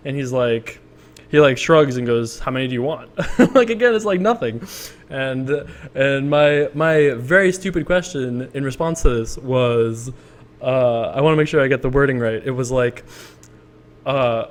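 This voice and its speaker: A man's voice: medium pitch, expressive, normal speed. Rambling, self-amused young man storyteller. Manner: rambling, self-amused, frequent restarts and laughs. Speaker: poker video creator. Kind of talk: casual storytelling vlog commentary.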